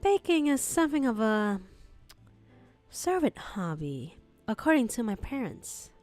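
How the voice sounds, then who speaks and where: A woman's voice: fairly high pitch, unhurried, no echo, soft background music. A woman voicing a polite, formal wealthy young man with a put-on British accent, reading a script for voice acting practice. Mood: rueful. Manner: courteous, formal, gently flattering.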